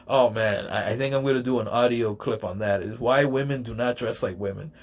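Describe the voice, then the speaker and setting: A man's voice: medium pitch, fairly quick, few pauses. Rambling, joking man telling a story. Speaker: podcaster. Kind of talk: casual storytelling monologue.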